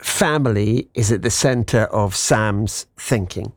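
A man's voice: lowish voice, unhurried, dry recording. A man hosting a local radio show, teasing and playful as he reads messages and chats with a guest. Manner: playful, teasing, animated delivery. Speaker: radio presenter. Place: radio studio. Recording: dry studio sound.

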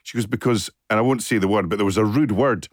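A man's voice: fairly low pitch, fast, no room sound. A man hosting an afternoon radio show in a studio, chatting with a guest and laughing easily. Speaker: radio presenter. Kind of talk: radio interview.

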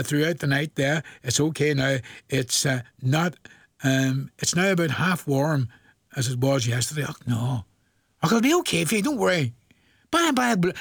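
High-voiced, chatty Northern Irish man. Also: fairly bright tone, no echo. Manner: rambling and folksy, hesitating over long lists of names. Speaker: radio presenter. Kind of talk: chatty radio shout-outs and requests.

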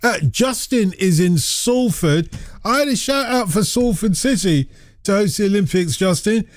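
A man from northern England hosting a radio phone-in, talking in a chatty, brisk way in a studio. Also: high-pitched, animated, dry recording. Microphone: studio microphone.

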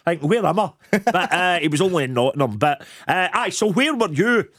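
A man's voice: sits high, lively intonation, fairly bright tone, no echo, studio quality. A man with a Scottish accent hosting a casual football chat show, rambling and laughing easily. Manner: chatty, rambling, quick to laugh. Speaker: radio football show host.

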